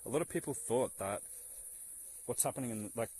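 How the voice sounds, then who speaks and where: A man talking straight to the camera in a heated, preachy monologue, with a voice of ordinary middle pitch. He swears freely and hammers his points through repetition. A faint hiss of noise sits under his voice. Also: lively intonation, fairly quick, pauses often, a little mellow, poor audio. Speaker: social media commentator.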